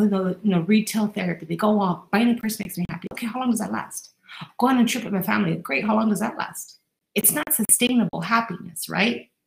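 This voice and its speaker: A woman life coach gives an earnest, direct motivational monologue on her podcast, addressing the listener straight on. Her mid-range voice is creaky, and the low-quality recording sounds reverberant.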